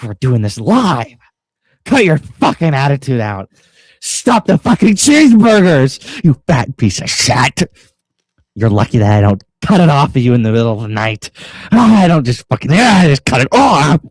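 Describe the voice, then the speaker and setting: A man putting on a crude, yelling bully who berates a woman in a comic skit. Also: medium pitch, very animated, normal speed, dry recording.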